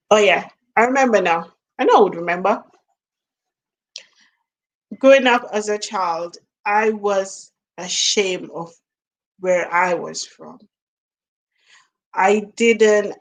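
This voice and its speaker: Slow-spoken Jamaican woman musing to camera. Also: on the low side. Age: middle-aged. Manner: slow and musing, trails off and restarts, laughs at herself. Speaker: vlogger. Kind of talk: casual reflective monologue.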